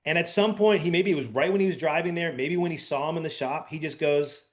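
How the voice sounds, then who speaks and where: A middle-aged man co-hosting a casual chat, telling a long story in an animated, rambling way with many fillers. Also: fairly high pitch, fast talker. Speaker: podcast co-host.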